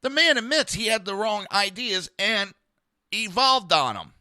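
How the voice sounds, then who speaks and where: A man hosting a talk podcast, his voice sharp and tense, fairly high for a man. He rants bluntly and sarcastically, swearing freely and talking to his listeners. The sound is dry and close. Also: lively intonation, a little slow, no echo. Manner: blunt, profane and sarcastic ranting; talks to listeners in a live chat. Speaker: podcast host. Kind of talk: live political commentary podcast.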